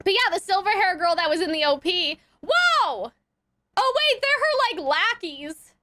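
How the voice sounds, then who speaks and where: Young woman, twenties, very high and bright, dry close sound, giggly chatty reactor. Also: very animated, unhurried, dry recording. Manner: chatty, giggly, lots of fillers. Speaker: anime reaction youtuber. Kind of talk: casual reaction commentary.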